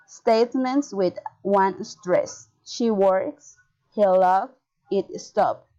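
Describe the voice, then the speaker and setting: A woman reading English pronunciation and intonation drills aloud, word by word, in a slow, careful manner. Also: medium pitch, a little mellow. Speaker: student. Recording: dull lo-fi sound.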